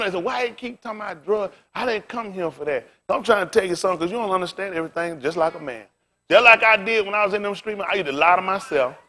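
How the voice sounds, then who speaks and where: A pastor preaching with a rather high male voice, telling a story with loud, laughing outbursts. He is a middle-aged man whose delivery swings from hushed to shouted. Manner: animated, laughing, loud bursts.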